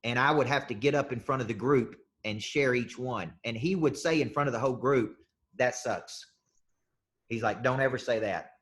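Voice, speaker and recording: A man's voice: mid-range voice, a little fast, few pauses, a bit bright. A man coaching a group of salespeople live. He drives his points home with punchy, emphatic statements and circles back to repeat his phrases. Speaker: business coach.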